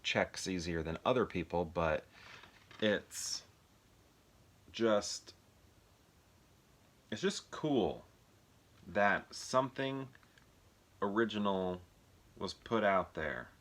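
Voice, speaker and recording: A man's voice: low-pitched, expressive, extremely slow, pauses often, a bit bright. An American man chatting casually on his own, rambling and thinking aloud while asking the viewers questions. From United States. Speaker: movie collector reviewing films. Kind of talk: casual solo video chat.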